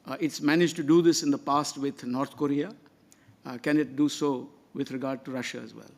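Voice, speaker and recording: Man, think-tank head, questioning from the floor, halting delivery. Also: medium pitch, fairly even intonation. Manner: measured, many hesitant uhs.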